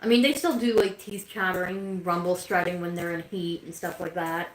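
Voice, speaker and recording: A woman's voice: fairly low pitch, steady tone, moderate pace, echoey room, rough recording. A woman hosting a casual livestream, chatting with viewers and talking to her pets. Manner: chatty, reads viewer comments aloud, talks to her pets. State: has the hiccups. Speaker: livestream host.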